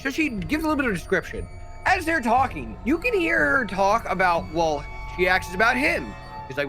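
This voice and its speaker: A man trades crude jokes and swearing as co-host of a casual movie podcast. His voice is high and bright and very lively in pitch. Faint music sits behind him. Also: a little fast. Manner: crude, joking interjections.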